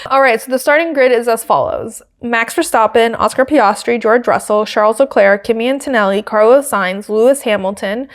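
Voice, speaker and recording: A woman's voice: fairly high pitch, normal speed, hardly any pauses. A young woman hosting a podcast, recapping a race in casual chat with lots of fillers and asides. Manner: chatty, frequent fillers and asides. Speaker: podcast host.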